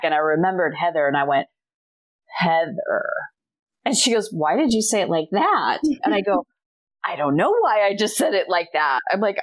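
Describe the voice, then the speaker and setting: A middle-aged woman, a guest author, telling a personal story in a casual interview and acting out the dialogue. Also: on the low side. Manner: animated storyteller, acts out quoted dialogue.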